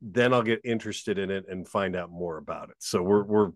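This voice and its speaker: A man co-hosting a podcast in casual chat, animated and jokey, swearing casually. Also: deep voice, brisk, no room sound, clean studio sound. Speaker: podcast co-host.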